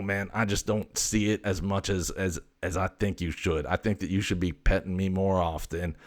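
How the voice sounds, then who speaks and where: A man's voice: low voice, natural voice. A man voicing a brash, foul-mouthed male house cat who swaggers, stammers and swears constantly. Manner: swaggering, profane, rambling with stammers.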